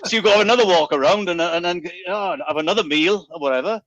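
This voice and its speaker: Middle-aged man, lively storyteller. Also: high-pitched, fast talker, lo-fi sound. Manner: animated storyteller, stumbles and repeats words. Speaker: guest entertainer. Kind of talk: casual radio chat.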